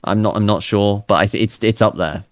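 A man's voice: on the low side, brisk, no room sound, clean studio sound. A man co-hosting a podcast, eagerly describing scenes in casual chat with many fillers. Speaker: podcast co-host. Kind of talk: casual chat reviewing an episode.

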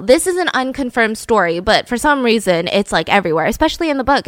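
A woman hosting a podcast, telling a true-crime story in a chatty, animated way, full of fillers. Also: medium pitch, dry recording. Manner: chatty, animated, frequent fillers and acted-out quotes. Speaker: podcast host.

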